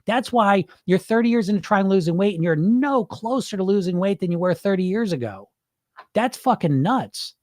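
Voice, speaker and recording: A man's voice: high voice, moderate pace, dry recording, studio quality. A man hosting a weight-loss podcast, talking bluntly and emphatically with frequent swearing. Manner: blunt, profane, animated and emphatic. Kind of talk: unscripted podcast monologue reading listener comments.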